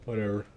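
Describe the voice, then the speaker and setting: Low-voiced man joking through gameplay. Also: darkish tone, a little hiss or hum. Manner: chatty, playful, joking. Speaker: game streamer. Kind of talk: casual gameplay commentary.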